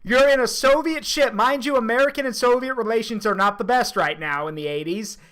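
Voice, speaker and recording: A streamer giving casual reaction commentary, joking and crude, thinking out loud. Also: medium pitch, brisk.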